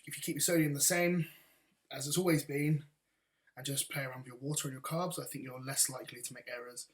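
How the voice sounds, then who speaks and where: A man, a bodybuilder and coach, answering viewer questions in a casual, blunt, rambling vlog. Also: medium pitch.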